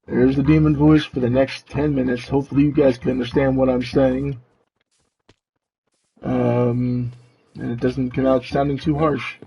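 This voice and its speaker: A male streamer with a medium-pitched, creaky, mellow voice and a breathy edge talks flatly at a moderate pace through a demon robot voice changer. His mic is pulled back from his face as he chats with viewers and narrates his building in a game during live gameplay commentary.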